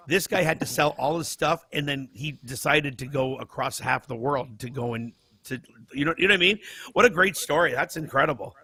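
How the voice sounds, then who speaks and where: A man co-hosting a casual chat show, talking with halting enthusiasm. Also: fairly high pitch, sharp tone, slightly rough, no room sound. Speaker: podcast co-host.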